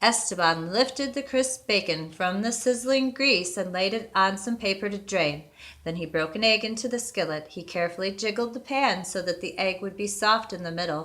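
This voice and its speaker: Bright-voiced woman reading a storybook. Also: medium pitch, normal speed. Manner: steady expressive reading. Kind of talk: storybook read-aloud narration.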